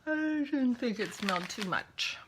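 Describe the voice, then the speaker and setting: A knitting podcast host, a woman with a fairly high, lively voice, speaks unhurriedly over some background noise. While unboxing yarn for her vlog, she chats and rambles, often dropping to a whisper as she shows it off.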